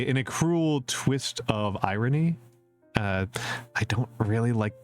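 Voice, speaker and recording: A man's voice: medium pitch, clean tone. A man from the Upper Midwest of the US chatting casually on a live stream, rambling and repeating himself with lots of fillers. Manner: chuckles at his own jokes. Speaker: VTuber streamer answering viewer questions.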